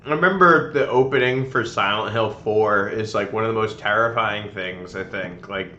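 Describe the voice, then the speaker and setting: Bright, chatty man in an echoey room. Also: on the low side, normal speed, dull audio, a little hiss or hum. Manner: chatty, laughs often. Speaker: let's-play streamer. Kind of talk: casual gameplay commentary.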